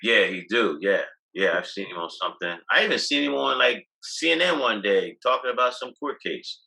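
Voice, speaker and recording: A man's voice: lowish voice, lively intonation, moderate pace, gravelly, bright, forceful tone, rough recording. A man telling loose, boastful stories as a guest on a video call, restarting his sentences often. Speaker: guest, cannabis activist. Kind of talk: casual interview talk.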